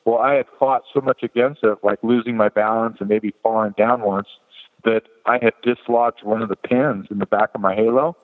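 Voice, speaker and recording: Man telling a story over a tinny, echoing line. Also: normal speed. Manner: lively, jumps higher to act out quoted people. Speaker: podcast guest. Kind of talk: animated personal storytelling. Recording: tinny phone-like line with long reverb.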